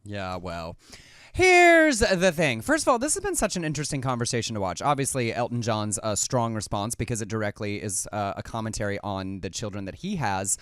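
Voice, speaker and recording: A man co-hosting a talk show in casual chat, quick-witted and teasing, emphatic when making a point. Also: lowish voice, sing-song, a bit bright, dry recording, studio quality.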